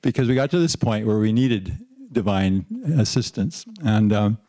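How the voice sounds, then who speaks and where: A man's voice: lowish voice, moderate pace. An older man on a panel telling an anecdote about his teaching days, often chuckling and restarting his sentences. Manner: lively storyteller who chuckles and restarts often. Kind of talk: anecdotal storytelling.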